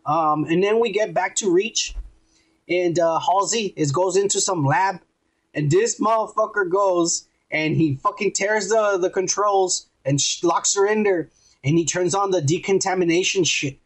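A man with a high, husky voice hosts a casual podcast chat. He retells scenes in a loose, animated way, packed with swearing. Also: a little slow, poor audio. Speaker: podcast host.

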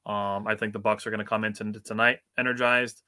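A man's voice: fairly low pitch, little pitch movement, quick pace, sharp tone. A young man from Wisconsin co-hosting a sports podcast, chatting in a laid-back way and often saying "dude" and "like.". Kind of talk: casual chat.

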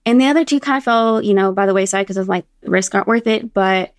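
A woman in her thirties, a podcast guest telling stories in a casual, animated way and acting out the dialogue she quotes. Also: mid-range voice, fast talker, no echo, studio quality. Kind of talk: casual storytelling interview.

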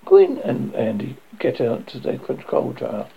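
A man's voice: medium pitch, huge pitch swings, measured pace, creaky, slight background noise. A man reading a script aloud, plainly voicing the stage directions. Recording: dull lo-fi recording.

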